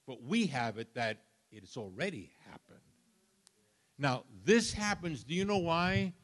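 Older new guy preaching, high voice, swoops up and down a lot, jokey storytelling. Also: unhurried. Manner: animated, storytelling with humor and sudden shifts of volume. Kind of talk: sermon.

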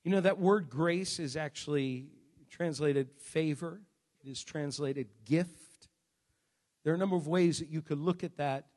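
A man preaching a sermon in church as pastor, emphatic, swinging between shouts and hushed asides. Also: a little high, a little slow. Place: church service.

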